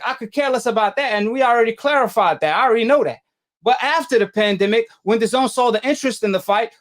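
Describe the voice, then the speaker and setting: A man with a high voice hosts a heated call-in debate and keeps firing the same challenge at his caller. His talk is slangy and combative, and he speaks English with Arabic as his first language. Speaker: talk show host.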